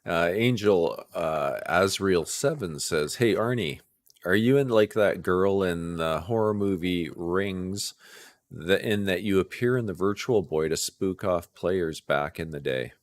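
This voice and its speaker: A man's voice: low voice, measured pace. A man co-hosting a gaming podcast, reading out viewer questions and laughing along. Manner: reads out audience questions, laughs easily. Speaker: podcast co-host. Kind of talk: casual podcast chat.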